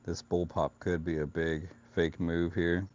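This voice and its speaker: A man with a deep, low voice and a Southern California accent talks loosely to his live-stream viewers. He is a few beers in, joking and chatting as he goes. The sound is dull and lo-fi. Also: little pitch movement, measured pace, darkish tone. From Florida, US. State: a few beers in, slightly tipsy. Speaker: live-stream futures trader. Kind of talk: casual live-stream chat.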